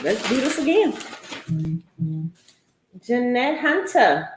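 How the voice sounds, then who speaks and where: A woman's voice: fairly high pitch, very animated, takes it slowly, roomy sound, music in the background. A woman hosting a live online giveaway in a playful, goofy way, calling out names again and again. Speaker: host. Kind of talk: live-stream giveaway, casual chat.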